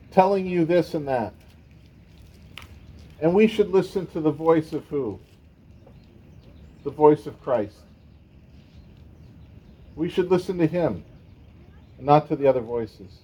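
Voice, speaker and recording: A man's voice: a little high, breathy edge, dull audio. A man preaching a sermon in a conversational way, with casual asides to the congregation. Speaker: pastor.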